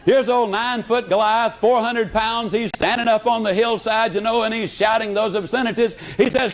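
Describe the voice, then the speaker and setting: A motivational speaker with a high voice tells folksy stories at normal speed, barely pausing. The archival talk has poor audio, and his delivery is lively and animated.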